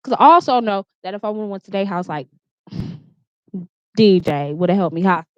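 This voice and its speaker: Her voice is clear and resonant, medium in pitch, with lively intonation and normal speed as this vlogger recounts a personal story to camera in her bedroom. Casual and profane, she leans on "like" and often restarts her sentences. The sound is dry and echo-free, slightly dull and lo-fi.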